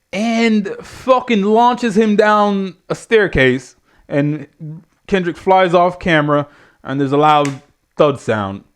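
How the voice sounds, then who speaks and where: High-voiced man ranting with blunt profanity. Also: smooth. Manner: blunt, exasperated, swears constantly. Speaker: wrestling show reviewer.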